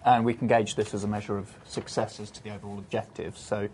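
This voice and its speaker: A man's voice: fairly low pitch, little pitch movement, fast talker, a little mellow, a little hiss or hum. A man, an analyst guest, methodically explaining survey figures in a studio webcast.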